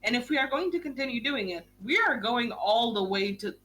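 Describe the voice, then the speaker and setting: Animated young woman hosting a book club. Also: on the high side. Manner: animated, quick and gushing, swears casually. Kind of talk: casual chat.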